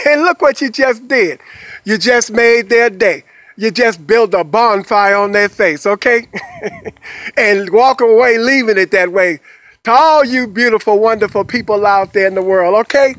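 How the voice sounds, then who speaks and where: A man's voice: high-pitched, measured pace, fairly bright tone, no room sound. A man giving an upbeat motivational monologue. He talks in a repetitive, coaxing way, checks in with listeners after almost every phrase, and laughs playfully between points. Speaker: motivational speaker.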